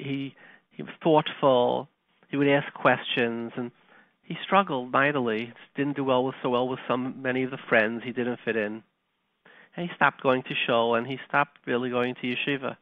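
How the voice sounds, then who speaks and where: A man's voice: medium pitch, no room sound. A man hosting a Torah talk show, telling a story in a folksy, conversational lecturing way with Hebrew and Yiddish terms. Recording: tinny phone line, dry.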